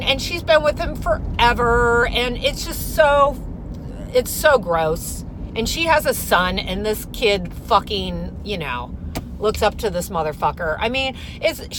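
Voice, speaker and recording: A woman ranting casually, swearing freely and telling a story with loud quoted outbursts. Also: fairly high pitch, noisy background. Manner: profane, animated storytelling with shouted outbursts. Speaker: vlogger. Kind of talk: casual rant.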